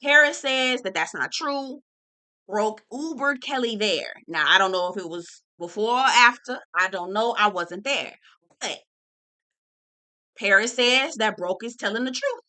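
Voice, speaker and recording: Sassy, blunt woman reviewer with a bright, sharp voice and casual vlog delivery. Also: on the high side, measured pace. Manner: sassy, blunt, profane, calls everyone "girl". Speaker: reality TV reviewer.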